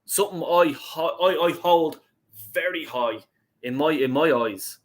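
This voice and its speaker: This young Irish host of a fan call-in live stream speaks in a fairly high, unhurried voice. He chats casually, reads out messages from the chat and curses without restraint.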